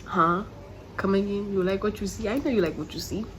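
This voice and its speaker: A young woman vlogger tells a story in casual chat, blunt and profane and full of slang fillers. Her mid-range voice is brisk, heard over a noisy home recording.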